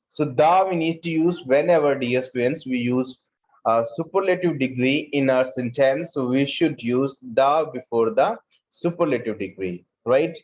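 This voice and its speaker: A male school teacher with an Indian English accent who talks slowly, repeats words and calls on students by name. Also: medium pitch, darkish tone, dull audio. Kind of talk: online class lesson.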